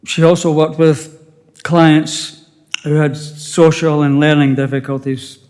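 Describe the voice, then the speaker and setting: An older man with a Scottish accent, a widower giving a halting, emotional funeral eulogy with touches of dry humour. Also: a little high, flat delivery, darkish tone, big-room sound. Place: funeral service.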